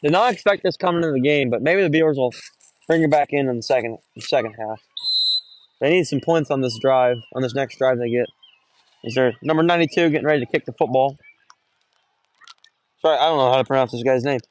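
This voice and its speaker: A young announcer gives casual, wandering commentary on an outdoor high school football game, recorded by phone. He corrects himself often and gets excited on big runs, talking at a quick pace broken by long pauses.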